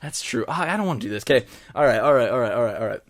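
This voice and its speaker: A man's voice: mid-range voice, lively intonation, racing. A man playing a tabletop game, rambling with many "likes" and laughing often. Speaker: player. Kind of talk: casual tabletop play.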